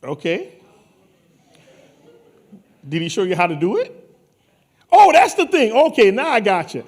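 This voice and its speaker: A man from New Orleans hosting a conference on stage, bantering and teasing people in playful, joking chatter. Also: sits high. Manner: teasing, animated, quick jokes. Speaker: conference host.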